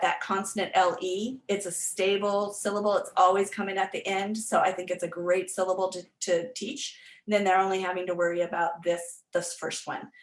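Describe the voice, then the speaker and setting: A woman literacy tutor giving an online workshop presentation, explaining step by step with frequent ums and restarts. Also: medium pitch. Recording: echoey room.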